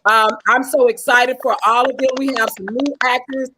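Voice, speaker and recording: A woman's voice: a little high, fairly even intonation, normal speed, noisy background. A woman from Fort Worth, talking bluntly and straightforwardly as a guest on a live online interview. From Fort Worth, Texas. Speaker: guest, show founder.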